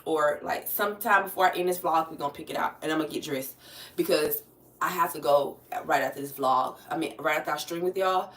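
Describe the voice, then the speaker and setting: A woman's voice: low-pitched, fairly quick, fairly bright tone, recorded from a distance. Chatty American woman live-streaming from home. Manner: loose and chatty, talking to chat viewers, swears freely. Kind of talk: casual live-stream chat. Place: home, moving about the room. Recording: roomy sound, voice off the mic.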